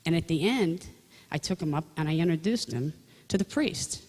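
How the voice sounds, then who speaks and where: A woman's voice: low-pitched, lively intonation, normal speed, darkish tone, slightly rough. An older woman giving a Catholic testimony, telling chatty, rambling anecdotes straight to her listeners. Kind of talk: storytelling faith talk. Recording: long echoing reverb.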